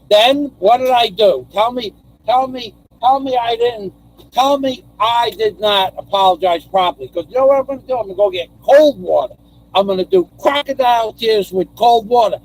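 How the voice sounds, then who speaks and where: High-voiced older man, theatrical live-stream rant. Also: poor audio. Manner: theatrical, self-mocking, loud outbursts. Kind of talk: rambling live-stream chat.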